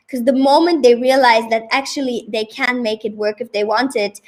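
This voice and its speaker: A woman coach hosting a casual interview over a video call, upbeat and motivational, repeating her points for emphasis. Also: a little high. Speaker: business coach and host.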